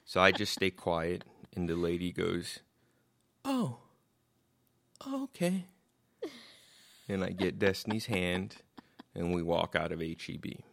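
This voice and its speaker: Deep, gravelly-voiced male podcast host. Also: flat delivery, normal speed, fairly bright tone. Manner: rambling, profane, laughs at own stories. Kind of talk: casual storytelling chat.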